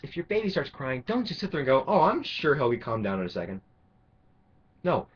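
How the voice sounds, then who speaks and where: In a ranting monologue to camera, this vlogger sounds angry and sarcastic, swearing heavily and restarting as he rambles. He has a mid-range, slightly rough voice, heard through a dull lo-fi recording.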